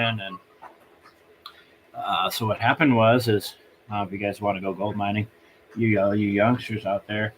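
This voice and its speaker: A man hosting a live stream from home, telling a long story in a rambling, halting way and circling back. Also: lowish voice, a bit bright, slight background noise.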